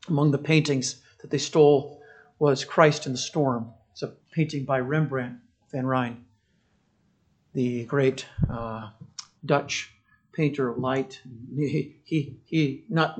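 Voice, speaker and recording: A man preaching a sermon with passion, swinging from loud declarations to quiet, wry storytelling. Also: medium pitch. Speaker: pastor.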